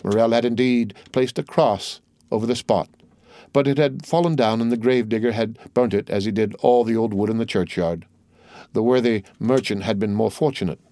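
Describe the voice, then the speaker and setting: A man narrating a classic novel in a measured, steady reading. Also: mid-range voice, no room sound. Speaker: audiobook narrator. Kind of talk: scripted narration.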